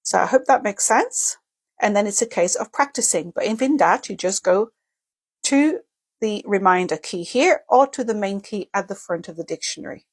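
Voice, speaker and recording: A woman teaching a relaxed lesson on pronunciation symbols, working through each point step by step. She sounds out example words slowly and often checks in with the listener. Her talk is loose and unscripted, with small slips and quick self-corrections. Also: mid-range voice, breathy edge. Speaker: English teacher. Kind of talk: casual video lesson.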